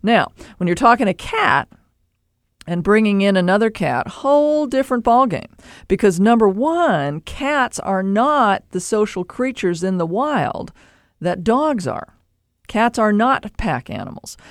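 A man hosting a call-in advice show, explaining pet behavior in an animated way with playful asides. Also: high voice, gravelly, dry recording, clean studio sound. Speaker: pet behavior expert host.

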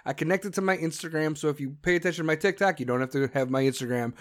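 A man with a notably high-pitched voice hosts his own podcast, talking straight to his listeners. He rants in a brash, swaggering way and swears freely. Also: racing. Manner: brash, profane, ranting. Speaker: podcast host. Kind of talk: casual solo podcast monologue.

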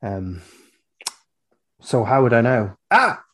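A man's voice: mid-range voice, very animated, takes it slowly, fairly bright tone. Guy rambling through a movie recap, wry, swears a lot. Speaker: podcast host. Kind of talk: casual film recap chat.

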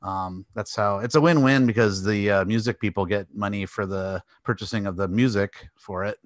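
A man's voice: fairly low pitch, moderate pace, no echo. A man co-hosting a casual arcade podcast, rambling and laughing often as he chats. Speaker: podcast co-host. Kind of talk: casual chat.

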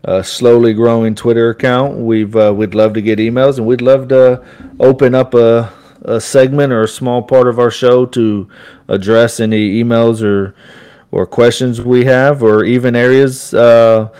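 A Texan man co-hosts a podcast, talking in a halting, stop-start way with frequent restarts. His tone is joking and casual. His voice sits at an ordinary middle pitch. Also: level tone, dark tone, clean tone. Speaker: podcast co-host.

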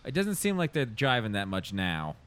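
A man with a fairly low voice trades crude jokes in relaxed chat. He laughs often and drops into a deeper tone to act out quoted lines. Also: moderate pace, smooth. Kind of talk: casual crude comedic chat.

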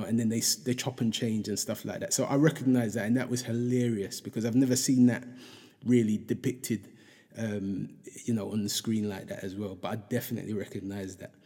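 A man's voice: lowish voice, dark tone, breathy edge, long reverb tail. A middle-aged man, chatting casually and reflectively, rambling with lots of fillers and restarts. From England.

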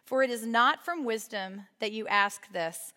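A fairly high-voiced young woman preaches in a casual, joking way and keeps asking the listeners questions. Her voice rings with a long reverb off the walls of a hall. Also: measured pace, sharp tone. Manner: conversational and humorous, asks the audience questions. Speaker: women's ministry speaker. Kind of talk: sermon. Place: hall with a live audience.

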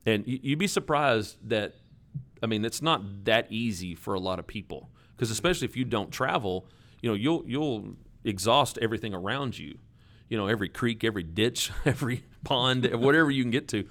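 A minister being interviewed in a relaxed chat, talking with lots of fillers. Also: male voice, mid-range voice, a little fast. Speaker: guest minister.

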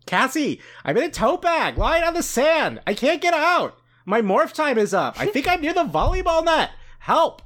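A man putting on a high, valley-girl voice for a panicked teen trapped as a ferret in a tote bag. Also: very animated, normal speed, hardly any pauses, a bit bright, exaggerated voice.

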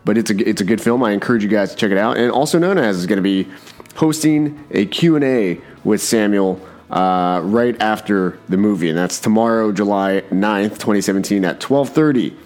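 A man's voice: lowish voice, animated, moderate pace, a little mellow. A man hosting his own podcast in a rambling, self-deprecating way, often restarting his sentences. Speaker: podcast host. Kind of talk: casual podcast monologue.

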